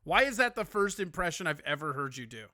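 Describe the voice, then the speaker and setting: A man's voice: on the high side, very animated, fast, bright, forceful tone, no room sound, studio quality. A man hosting a casual call-in show, teasing and joking with his guest. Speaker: host.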